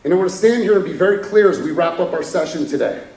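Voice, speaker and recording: A man's voice: sits high, fast, darkish tone, far from the mic. A man giving a candid motivational talk from a conference stage, chuckling as he tells stories. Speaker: keynote speaker. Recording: echoey hall from afar.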